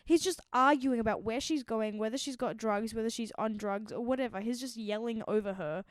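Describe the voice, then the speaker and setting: A woman's voice: on the high side, fairly quick, clear, resonant tone, no room sound, clean studio sound. A woman speaking as a podcast guest, chatting casually and often correcting the host's telling. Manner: insistent, contradicting and correcting. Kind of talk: casual chat.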